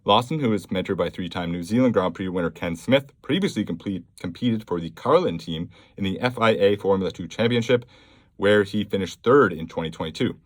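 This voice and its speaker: A man's voice: low-pitched, expressive, a little fast, no echo. A man hosting a casual solo podcast, talking bluntly and offhandedly and reading news items aloud between fillers. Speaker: podcast host.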